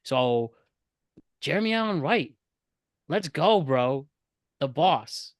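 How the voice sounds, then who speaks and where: A man's voice: a little high, expressive, takes it slowly, no room sound, clean studio sound. A man co-hosting a podcast in casual chat, enthusiastic and gushing, with casual swearing. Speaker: podcast co-host.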